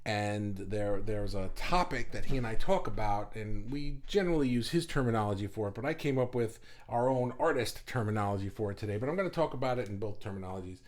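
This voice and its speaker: A man's voice: lowish voice, fast talker, hardly any pauses, darkish tone. A man hosting an art group's livestream replay, talking casually with many fillers and restarts, greeting viewers as he goes.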